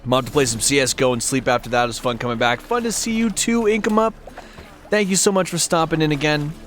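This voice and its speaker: A man streaming a video game live, chatting casually and greeting his viewers warmly by name. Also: medium pitch, fast talker, soft background music.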